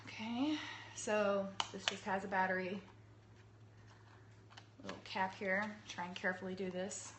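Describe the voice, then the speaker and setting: A woman in her thirties, hoarse from a cold, chatting casually to viewers while she sets up her cake workshop on a phone livestream. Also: fairly even intonation, a little slow, long pauses, noisy background. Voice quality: husky, low. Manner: chatty, laughing, greets viewers by name. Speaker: cake artist hosting a livestream. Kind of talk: casual live-stream chat.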